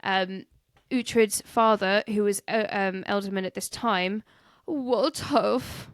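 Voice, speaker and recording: Joking woman podcast host, smooth dry voice. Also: medium pitch, takes it slowly, no room sound. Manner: joking, laughing, stumbles over names. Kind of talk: casual history chat.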